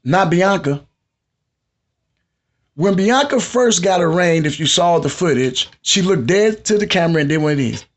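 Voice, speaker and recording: A man with a fairly high voice, hosting a live podcast. He lectures his audience in a conversational, preachy tone and talks straight to them. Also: expressive, moderate pace. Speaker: podcast host.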